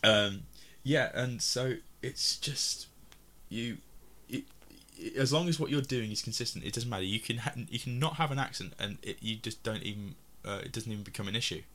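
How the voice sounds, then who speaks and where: A man's voice: medium pitch, moderate pace, hardly any pauses, bright, forceful tone. A man from England chatting casually about films, rambling with many restarts and frequent laughs. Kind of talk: casual film discussion.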